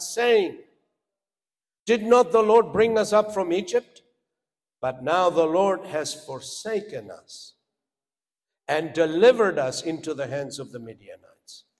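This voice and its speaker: High-pitched guy preaching slow, lots of hall echo, gets loud then drops quiet. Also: expressive. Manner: preaching with dramatic rises into shouts and drops to a hush. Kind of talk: sermon. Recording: long hall reverb.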